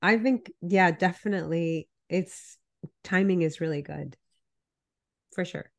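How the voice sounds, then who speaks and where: A woman's voice: lowish voice, measured pace, vocal fry. Congested nasal woman co-hosting a podcast. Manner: apologetic, relaxed and chatty. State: congested, under the weather. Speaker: health coach, podcast co-host. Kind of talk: casual podcast chat.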